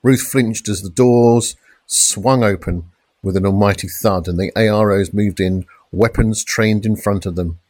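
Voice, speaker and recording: Low-voiced man reading a crime story. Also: steady tone, no echo. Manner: measured, dramatic crime reading with shouted police lines. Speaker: audiobook narrator. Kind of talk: scripted narration.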